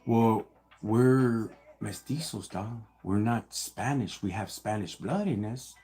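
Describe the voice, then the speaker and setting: A man's voice: fairly low pitch, slow, mellow. A man raised in the United States, hosting a casual livestream and answering viewer questions in laid-back street slang, calling everyone homie and dog.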